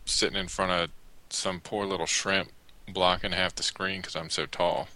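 A man's voice: sits low, flat delivery, moderate pace, bright, forceful tone. A man in casual podcast chat, answering in short, dry, wry remarks.

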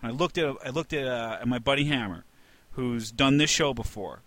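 A man co-hosting a casual chat, an animated storyteller who swears freely and laughs often. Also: mid-range voice, brisk, no echo. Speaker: podcast co-host.

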